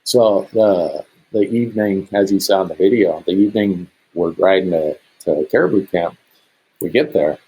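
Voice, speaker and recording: Middle-aged male podcast guest from Montana, low and slightly husky, animated storyteller. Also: normal speed, rough recording. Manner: animated, acts out quoted speech in a raised voice. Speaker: guest hunter.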